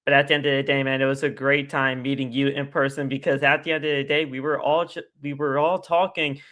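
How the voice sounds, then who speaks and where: Bright-voiced rambling man. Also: medium pitch, a little fast. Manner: animated, rambling, repeats phrases. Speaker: guest. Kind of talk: casual live-stream chat.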